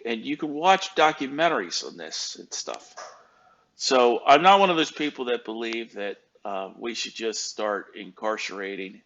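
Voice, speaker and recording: Man in his fifties, fairly low voice, hesitant rambling commentator, muffled lo-fi sound. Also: fairly bright tone, slight background noise. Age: 50s. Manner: rambling, hesitant with many fillers. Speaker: YouTube commentator. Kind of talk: casual commentary.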